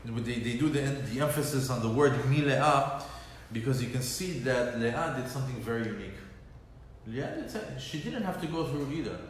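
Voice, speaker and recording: A man of middle pitch teaches a Torah class in a very echoey hall. His voice rings out with a long reverb. Faint noise sits under it, and he moves between Hebrew verses and casual English explanation. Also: expressive, moderate pace. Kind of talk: lunch-and-learn Torah class.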